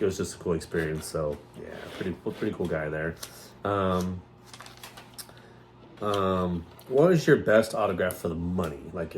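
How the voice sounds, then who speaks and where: A man with a fairly low voice tells rambling stories in a casual podcast chat. He slips into quick impressions of other people along the way. A faint hiss sits behind him. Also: a little mellow. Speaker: podcast co-host.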